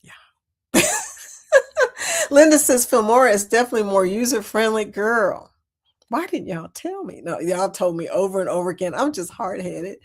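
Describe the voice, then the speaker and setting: A livestream host speaks at normal speed in a mid-range, sing-song voice, leaving long pauses. She's giggly and talkative while reading comments in a casual live chat, calling her viewers y'all.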